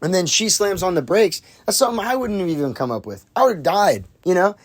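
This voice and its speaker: A fast-talking film reviewer with a mid-range voice chats about a movie, casual and excitable. Lots of "like," plenty of restarts, and some casual swearing fill the ramble.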